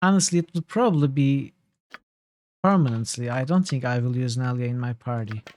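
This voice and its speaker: A man's voice: medium pitch, a little fast, a little mellow. A man streaming a game, thinking aloud in casual commentary.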